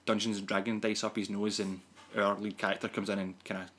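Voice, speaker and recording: A man's voice: fairly low pitch, little pitch movement, quick pace, a bit bright, husky. A man co-hosting a podcast, rambling through a casual movie review with many fillers and frequent laughs. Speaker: podcast co-host.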